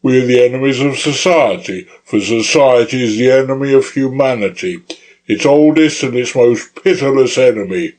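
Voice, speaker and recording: A man's voice: medium pitch, normal speed, a little mellow, natural voice, rough recording. A man voicing a fiery young male anarchist orator, speaking in a rousing, declamatory way.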